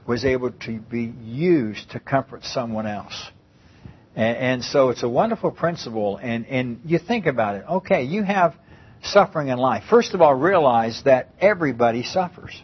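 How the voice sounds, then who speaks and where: A man's voice: medium pitch, breathy edge, highs cut off. A man preaching a conversational Bible-teaching sermon, often repeating and restarting his phrases.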